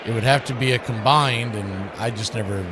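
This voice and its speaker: A man hosts radio baseball play-by-play in a folksy, chatty style, adding asides between pitches. He talks briskly, and the recording is very noisy.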